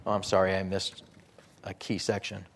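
A man preaching a sermon, reading scripture aloud and explaining it earnestly, rising for emphasis and dropping low at phrase ends. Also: completely flat delivery, moderate pace, creaky. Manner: rises in pitch and volume for emphasis, drops low at phrase ends.

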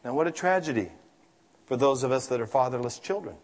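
A man preaching a sermon in an emphatic, animated way, breaking into dramatic asides. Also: medium pitch, brisk. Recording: long hall reverb.

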